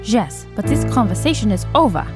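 A woman's voice: medium pitch, very animated, brisk, over music. A woman voicing a belligerent female official who bellows indignant orders. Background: cinematic score.

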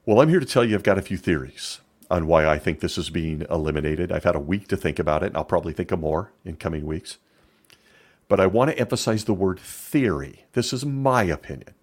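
A man's voice: low voice, brisk. A middle-aged man giving opinion commentary in a sarcastic, emphatic way.

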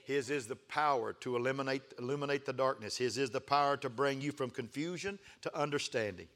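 A male preacher with a bright, forceful voice delivers a sermon in a rolling, repetitive cadence. He swings between hushed, intimate passages and loud, fervent calls for the congregation to answer back. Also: medium pitch. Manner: builds from hushed to fervent shouting with call-and-response.

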